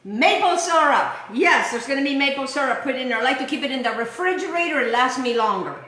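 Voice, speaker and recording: A woman's voice: high-pitched, fast, sharp tone, echoey room, slight background noise. A woman hosting a home cooking show, chatting to viewers and often checking in with them as she works in her kitchen. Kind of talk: casual cooking demonstration.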